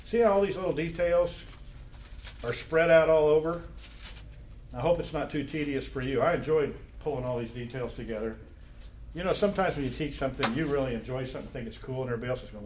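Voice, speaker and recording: A man's voice: on the high side, quick pace, a little mellow, slight background noise. A man leading an informal Bible study, quizzing the group with questions in a conversational way. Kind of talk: informal Bible class teaching. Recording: echoey room.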